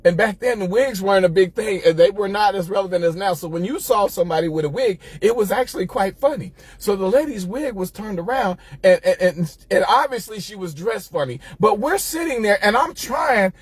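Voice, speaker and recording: A middle-aged host with a high, husky voice tells a church story as a casual monologue, talking a little fast with few pauses. He's animated, laughs often, and speaks straight to listeners as "y'all." His voice sounds close and dry, with no echo or room sound.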